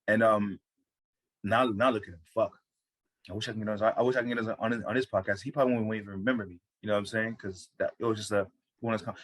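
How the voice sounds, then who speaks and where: An American man, a stand-up comedian, telling a story in casual chat, profane and full of restarts. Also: fairly low pitch. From United States. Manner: fast, profane, animated storytelling with many restarts.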